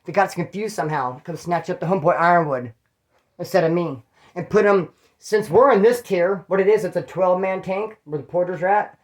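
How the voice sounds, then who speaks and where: A man from California, host of a channel telling prison stories, shares them in a loose, rambling style full of swearing and street slang. He speaks a little fast in a high voice.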